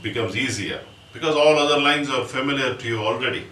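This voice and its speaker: A man with an Indian English accent teaching percussion, explaining step by step and reciting drum syllables slowly. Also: medium pitch, pushed and bright. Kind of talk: music lesson with spoken rhythm syllables. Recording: roomy, distant mic, audible background noise.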